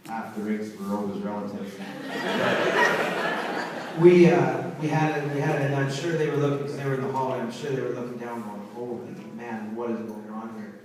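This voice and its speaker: A hockey head coach with a mid-range voice and moderate pace gives an unscripted speech at an awards banquet, full of fillers and restarts. A distant mic catches him in a very echoey hall with a crowd behind him and faint room noise.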